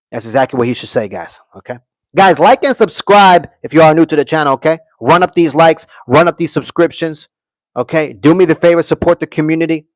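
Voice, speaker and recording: A brisk man with a slightly high voice and lively intonation hosts a live stream in a dry recording. He's brash and opinionated about the fight he's commentating, reading out chat, replying, and repeating "okay" and "guys."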